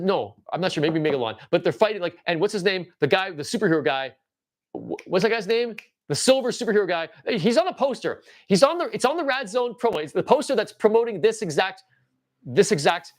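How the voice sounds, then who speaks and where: A man in his forties hosts a casual show-and-tell livestream. His voice is animated and a bit high, and he rambles with stammering restarts and excited tangents. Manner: excitable and enthusiastic. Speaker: livestream host.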